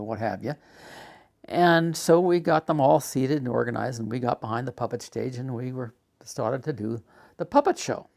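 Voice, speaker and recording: Gravelly older man telling his story. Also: mid-range voice. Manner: unhurried storytelling, many "uh" fillers, acts out quoted dialogue. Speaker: storyteller recounting his life. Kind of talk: casual spoken memoir.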